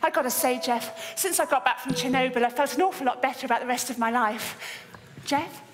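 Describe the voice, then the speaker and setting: A woman's voice: high-pitched, a little fast, noisy background, natural voice. A woman playing a rambling, lonely dater. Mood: chatty, awkward. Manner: rambling, eager, talks in fits and starts. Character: lonely, awkward woman pleading with an online date. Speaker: stage performer. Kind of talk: dance theatre monologue. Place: theatre stage. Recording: reverberant theatre stage with music. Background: music score.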